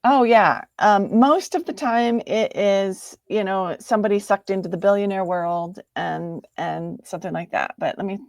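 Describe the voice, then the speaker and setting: A woman co-hosting a romance writing podcast, chiming in with quick affirmations and easy agreement. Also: mid-range voice, a little mellow, no room sound. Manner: responsive, quick affirmations and laughter. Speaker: podcast co-host and romance author. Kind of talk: casual chat.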